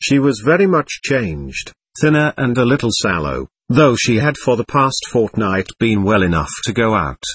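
A man narrating a classic novel for an audiobook in a measured, expressive storytelling manner. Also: medium pitch, slightly rough. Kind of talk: scripted narration.

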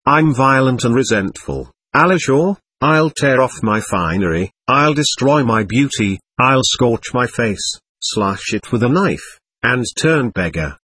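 A man's voice: mid-range voice, lively intonation, measured pace, few pauses, fairly bright tone, slightly rough, dry recording. A man reading the lines of a passionate, volatile young woman, proud and wounded, whose tone swings between tenderness and scorn. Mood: defiant.

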